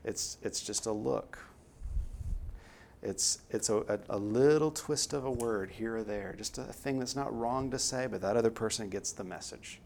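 A man's voice: fairly low pitch, vocal fry. Earnest male preacher delivering a sermon. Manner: earnest, emphatic, rising to stress key words.

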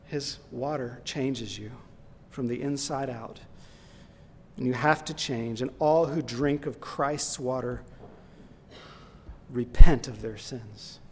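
A male preacher with a mid-range voice who delivers his sermon slowly and earnestly, pressing his points home with emphatic lists. His words ring out with the long reverb of a large hall, over a faint background hiss. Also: medium pitch, fairly even intonation.

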